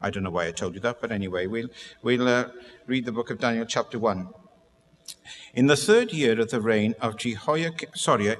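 A man's voice: on the low side, fairly bright tone, big-room sound, slight background noise. A man from Wales with a Welsh accent, preaching with chatty, self-deprecating asides before reading scripture. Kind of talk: sermon with humorous asides.

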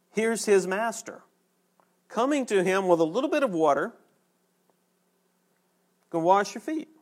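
A man preaching a sermon in a folksy, conversational way, pausing for emphasis. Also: high voice.

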